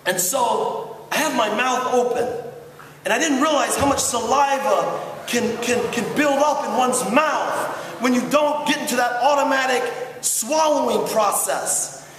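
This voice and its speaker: Middle-aged guy telling a story to students in a school chapel, highish voice, big echo, mic kinda far off. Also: measured pace, a little hiss or hum. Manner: animated storyteller, swings from hushed asides to shouts. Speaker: chapel speaker. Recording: roomy hall from far off.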